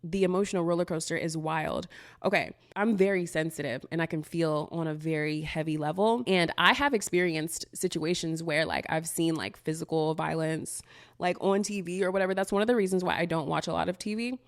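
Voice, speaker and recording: A woman with a fairly low voice talks through viewer questions in a relaxed, unfiltered way. She leans on "like" constantly, curses freely and laughs between thoughts. The sound is dry, with no room echo. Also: brisk. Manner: loose and candid, heavy use of "like", frequent swearing. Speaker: manifestation coach. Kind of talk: casual Q&A monologue.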